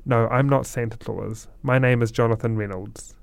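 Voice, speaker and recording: A man voicing a kindly older stranger with a white beard, reassuring and lively. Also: medium pitch, moderate pace, creaky, smooth, dry recording, natural voice.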